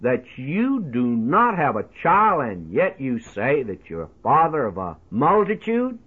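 A man's voice: medium pitch, huge pitch swings, a little slow, slightly rough, heavily acted. A man voicing skeptical desert traders in a sermon, asking doubtful questions. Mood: incredulous. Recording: tinny lo-fi radio broadcast.

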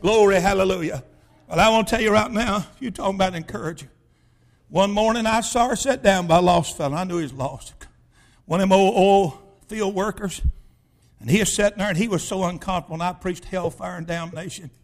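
A man with a high-pitched voice preaches by telling a story from his own life. He talks in a folksy, emphatic way and breaks into shouts when he praises. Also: a little fast. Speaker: pastor. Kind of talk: storytelling sermon.

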